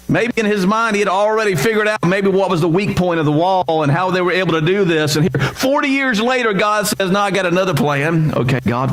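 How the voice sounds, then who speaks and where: A male pastor delivers a sermon in a church, telling the story in a vivid way. His voice sits a little higher than most men's. He slips into the characters' voices as he retells the dialogue. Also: rough recording.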